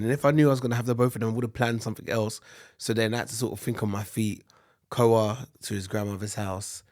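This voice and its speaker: A man's voice: medium pitch, a little mellow. A man co-hosting a casual podcast chat. He tells stories in an easygoing, teasing way and sounds bunged up with a cold. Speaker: podcast co-host.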